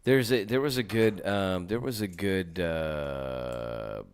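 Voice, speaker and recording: A man's voice: deep voice, slow pace, clear, resonant tone. A man hosting a podcast in casual chat, stammering often and swearing freely. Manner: stammering, profane, animated. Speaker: podcast host.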